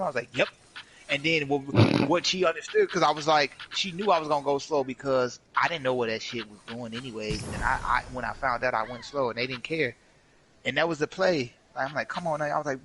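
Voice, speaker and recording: Bright, animated young man telling stories. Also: medium pitch, a little fast, a little hiss or hum, poor audio. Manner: animated, profane, slangy, acts out quotes. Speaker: streamer. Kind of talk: casual storytelling while gaming.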